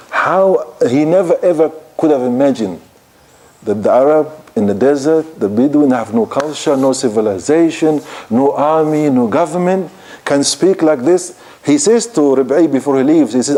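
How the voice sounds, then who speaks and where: A man's voice: medium pitch, mellow. A man giving a storytelling lecture at a mosque, retelling history in non-native English with Arabic phrases mixed in. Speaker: Islamic lecturer.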